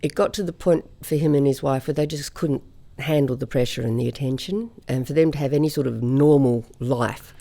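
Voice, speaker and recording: A woman from Australia, a singer, telling stories in a relaxed interview chat. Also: extremely low pitch, brisk, creaky, few pauses. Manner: chatty anecdotal storyteller, laughs often. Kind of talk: conversational interview storytelling.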